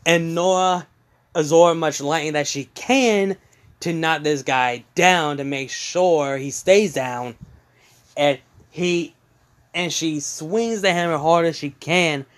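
A man casually retelling a fan story, halting with many fillers and restarts. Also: fairly high pitch, fairly bright tone.

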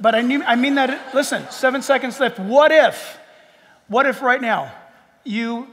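A man preaching a sermon as pastor in a large church, animated and joking, acting out people in quotes. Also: sits high, long reverb tail.

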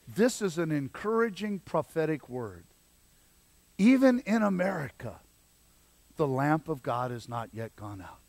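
A man preaching a sermon as pastor, swinging between loud exhortation and quiet emphasis. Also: fairly high pitch, very animated, unhurried, creaky, no room sound.

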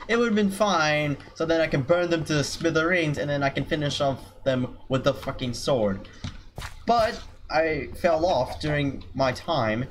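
A man's voice: fairly high pitch, a little hiss or hum. A man commentating his own gameplay, swearing nonstop and erupting into frustrated outbursts.

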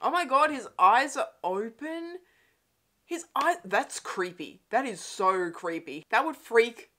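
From a room at home, a young adult woman runs a casual movie watch-along, chatty and quick to laugh, with plenty of swearing. Her voice is medium-pitched and fairly bright.

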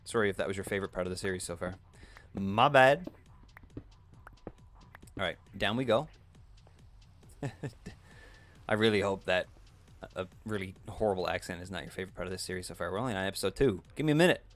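A man's voice: sits low, fairly quick, long pauses. A man hosting a let's play video, talking through his game in a jokey, self-deprecating way and yelping at sudden surprises. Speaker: gaming video host.

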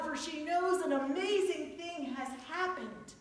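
A woman pastor delivers a sermon at an unhurried pace, her voice sitting high. She mixes warm storytelling and gentle humor, drawing out key words for emphasis. The sound is a distant mic in a very echoey church. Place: church sanctuary.

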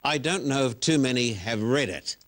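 A man's voice: medium pitch, lively intonation, moderate pace, a bit bright. A man, a pastor, hosting a broadcast religious interview and pressing his guest with earnest, probing questions in a preacher's emphatic manner.

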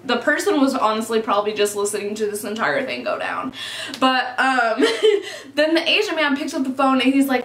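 A woman's voice: high voice, very animated, normal speed, fairly bright tone. A young woman in her twenties telling a story casually, swearing often and saying "like" constantly, for her vlog. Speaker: vlogger. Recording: echoey room.

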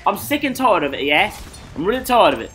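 A high-voiced man streams an online game from a desk mic at his gaming setup, delivering brisk, excited, profane play-by-play and trash-talking the enemy team. He's hyped, swinging between mutters and shouts, with faint music in the background.

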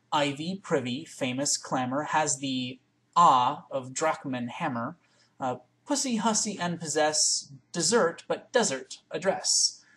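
A woman reading a poem aloud in one take into a webcam, with careful, deliberate, word-by-word recitation. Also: low voice. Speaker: reader.

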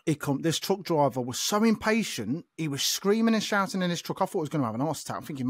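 A man from the telling an animated story on a casual podcast. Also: fairly high pitch, fast, few pauses, no echo. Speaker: podcast co-host, truck driver.

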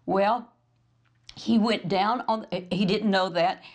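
A woman minister delivers a storytelling sermon, her mid-range voice carrying a gravelly roughness. She tells the story with animation and slips into the lines of the people in it as she goes. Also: mid-range voice, slow. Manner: animated storyteller, acts out quoted dialogue. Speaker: minister, program host.

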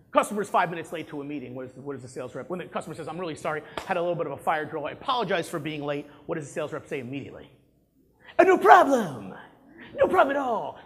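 A man with a slightly high voice gives a lively live sales pitch to an audience. He quizzes the room and acts out examples as he goes.

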